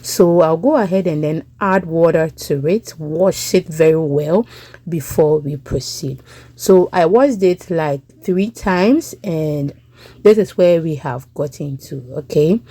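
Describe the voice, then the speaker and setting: A woman's voice: low voice, takes it slowly, warm tone. A young Ghanaian woman with a Ghanaian English accent, chatting through a cooking voice-over as a home cook and checking in with listeners.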